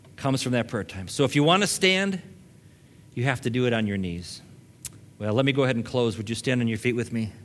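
A man's voice: medium pitch, expressive, brisk. A male pastor preaching a sermon, building emphasis with casual asides to the congregation.

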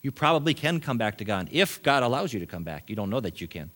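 In a church sanctuary, a middle-aged pastor preaches a sermon at a quick pace in a medium-pitched voice. He's animated, moving between loud, emphatic points and quiet asides, with the occasional brief chuckle.

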